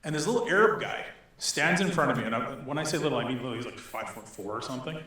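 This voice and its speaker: A middle-aged man from Northern Alberta telling a story to an audience, animated and laughing as he acts out the voices in it. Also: medium pitch, racing. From Northern Alberta, Canada. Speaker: speaker. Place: synagogue hall. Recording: echoey hall.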